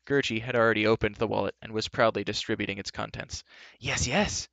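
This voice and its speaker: A man reads a story aloud with a low, gravelly voice in a steady, even manner. The sound is dry and close with a dull, lo-fi quality. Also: fast talker, no echo. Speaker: narrator. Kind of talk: live storybook reading.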